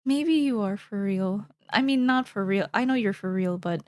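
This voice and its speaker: A woman's voice: medium pitch, moderate pace, a little mellow, dry recording, studio quality. A young woman streamer chatting casually while she draws, rambling playfully and thinking aloud.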